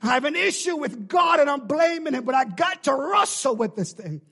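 A man preaching a sermon as pastor, swinging between shouted pleas and hushed, drawn-out lines with a call-and-response cadence. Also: very high voice, very animated. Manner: shifts between shouting and hushed near-whispers.

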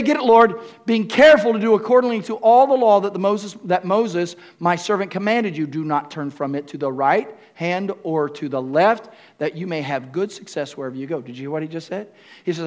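A man pastor preaching a sermon to a congregation, repeating key phrases and building up to shouts. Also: high voice, a little fast. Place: church room with congregation.

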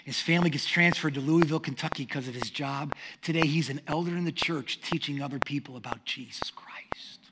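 Animated high-voiced male preacher. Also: fairly quick, hardly any pauses. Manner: animated, humorous storyteller. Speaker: pastor. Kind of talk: sermon storytelling. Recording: noisy recording with clicks.

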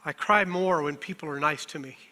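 A man's voice: on the high side, brisk, pushed and bright. A middle-aged male pastor preaching a sermon, emotional and self-deprecating, on the verge of tears and often laughing through them. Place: church sanctuary. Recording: long church hall reverb.

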